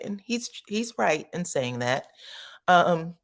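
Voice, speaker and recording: A woman hosting a casual gossip commentary, chatty and animated, tagging her points with "okay?" and acting out quotes in sudden high voices. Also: slow pace. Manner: chatty and animated, peppers speech with "okay?" and "child"; acts out quotes with sudden high pitch jumps. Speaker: commentary channel host.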